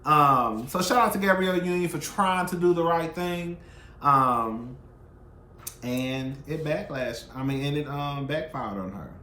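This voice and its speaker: Brief: male gossip vlogger, sassy and animated, slightly high voice, roomy echo. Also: measured pace, a little hiss or hum. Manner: sassy, animated, profane, swings loud and soft. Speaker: YouTube commentary host. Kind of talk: casual celebrity gossip commentary.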